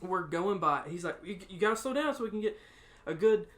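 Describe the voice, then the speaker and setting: A man co-hosting a podcast, telling a story in casual chat, laughing often and acting out quotes loudly. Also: high-pitched, expressive, brisk. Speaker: podcast co-host.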